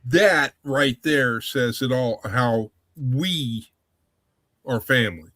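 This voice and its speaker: A man hosting a casual livestream chat, rambling with halting restarts. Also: mid-range voice, sharp tone, dry recording.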